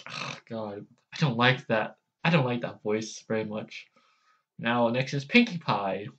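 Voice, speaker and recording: Slow, hesitant man vlogging. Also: medium pitch, animated, fairly bright tone, highs cut off. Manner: hesitant, self-deprecating, full of restarts. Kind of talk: casual vlog chat.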